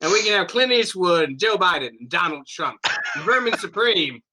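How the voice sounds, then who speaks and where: A man's voice: high-pitched, lively intonation, moderate pace, background noise. A young man co-hosting a podcast, chatting casually with profane, laughing rants. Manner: loud, profane, laughing, mock voices. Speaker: podcast co-host. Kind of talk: casual comedic chat.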